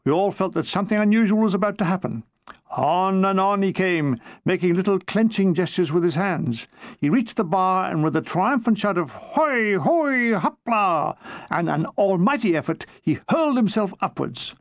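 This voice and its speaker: A man's voice: sits high, expressive, normal speed, dry recording. A man reading his own memoir aloud in a dry, comic storytelling manner. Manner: dry comic storytelling, slipping into brief character voices. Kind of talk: audiobook narration.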